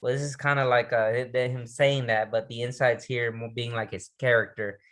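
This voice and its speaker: A man's voice: medium pitch, fairly even intonation, a bit bright. A man giving a recorded resilience training lesson, talking casually with restarts and asking the listener questions. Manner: conversational, restarts words, reads poetry slowly and dramatically.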